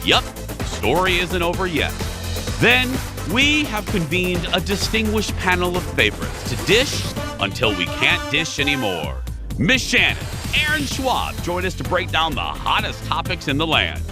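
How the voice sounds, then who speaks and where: A man's voice: a little high, a little slow, music in the background. A male talk show host, chatting casually and animatedly about entertainment news. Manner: animated and chatty, laughing often. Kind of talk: casual chat.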